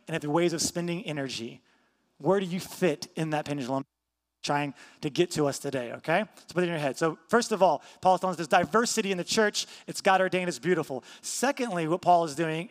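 A man's voice: a little high, big-room sound. A man preaching a sermon as pastor, teaching emphatically, repeating key points and asking rhetorical questions.

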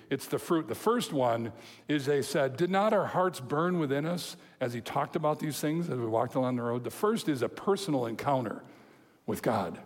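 A man preaching a sermon, telling a story with lively quoted voices and chuckles. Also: medium pitch. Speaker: pastor. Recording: long hall reverb.

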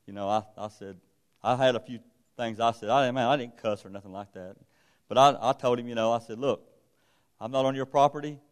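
A man's voice: mid-range voice, brisk. A middle-aged man, preaching in a folksy, conversational way and telling personal stories. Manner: folksy, conversational, retells dialogue. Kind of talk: sermon storytelling.

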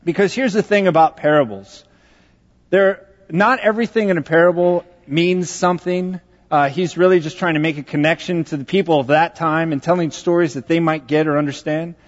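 A pastor from Texas preaching a sermon, telling a personal story in a conversational, joking way. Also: male voice, on the high side, steady tone, fairly quick. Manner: conversational and joking, with self-deprecating asides. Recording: dull sound in a large reverberant hall.

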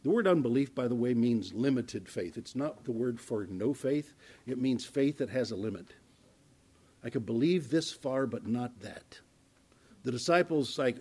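A man preaching as a pastor in a conversational Bible-teaching sermon. He restarts his words often and swings between loud emphasis and hushed asides. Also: medium pitch, lively intonation, normal speed, husky.

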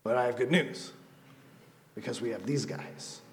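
A man's voice: mid-range voice, normal speed, slight background noise. A man preaching as a youth pastor, telling stories in a casual, chatty way. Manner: casual, storytelling, animated asides. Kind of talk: sermon.

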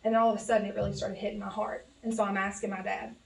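A pastor's wife, preaching as a guest in a church sanctuary, delivers a heartfelt, folksy sermon that is sincere and openly emotional. Her medium-pitched voice is fast with vocal fry and little pitch movement. The recording is echoey, with a distant mic.

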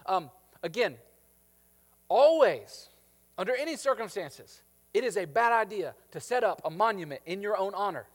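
A man preaching a sermon as a pastor, animated and jokey, acting out the people in the story. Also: sits high, brisk, long reverb tail. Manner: animated, jokey, acts out biblical characters.

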